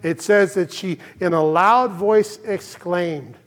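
A man's voice: high voice, slow pace, fairly bright tone, in a large hall. An older man preaching a sermon in a church, earnest and emphatic, his voice rising to exclamations. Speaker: pastor.

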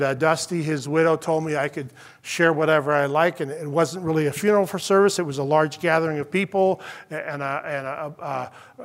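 High-voiced man preaching a sermon. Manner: earnest storytelling, drops to a hush in tender moments. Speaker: pastor.

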